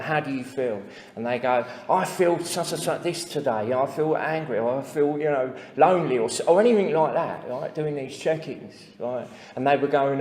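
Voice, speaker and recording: A man's voice: mid-range voice, a little mellow, a little hiss or hum. English man telling his recovery story, plain talk, lots of fillers, echoey hall with long reverb. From England. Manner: plain-spoken, many fillers and asides. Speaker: speaker sharing recovery story. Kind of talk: personal testimony to a recovery meeting.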